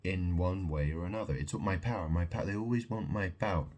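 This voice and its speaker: Man, very low and husky, slow rambling monologue, swears, repeats himself, keeps asking "yeah?". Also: darkish tone. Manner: rambling, repetitive, profane, keeps checking in with "yeah?".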